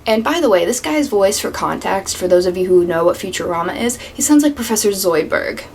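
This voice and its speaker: A young woman tells stories from her job in a loose, animated storytime vlog and swears freely along the way. Her pitch sits right in the middle for a woman. A faint steady hum runs under her voice. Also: fairly quick. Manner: animated, swears freely, drops to whispers for asides. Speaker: vlogger. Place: home room with a fan.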